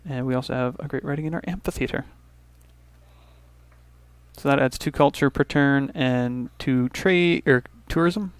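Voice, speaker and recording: A man's voice: medium pitch, moderate pace, long pauses, clean tone, no room sound. A man from Canada hosting a let's play, casually thinking aloud through his turns with restarts and little asides. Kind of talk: casual gameplay commentary.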